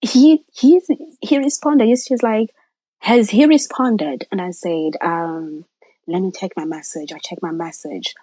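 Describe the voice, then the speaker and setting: A woman's voice: mid-range voice, steady tone, measured pace, warm tone, dry recording, poor audio. A woman guest telling a personal story, acting out quoted voices and dropping to near-whispers.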